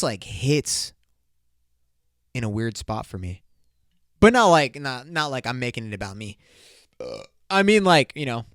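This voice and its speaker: A young man hosting his own podcast, rambling loosely and crudely in casual solo talk with bursts of excitement. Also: medium pitch, dry recording, studio quality. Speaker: podcast host.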